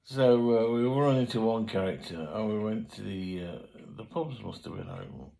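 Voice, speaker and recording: An older man tells stories from his youth in a loose, meandering way. His voice sits low and has a gravelly rasp. He trails off and circles back in plain, everyday speech. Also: lively intonation, moderate pace, mellow, rough recording. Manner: rambling, colloquial, frequent fillers and self-corrections. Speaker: memoir storyteller. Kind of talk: casual spoken memoir.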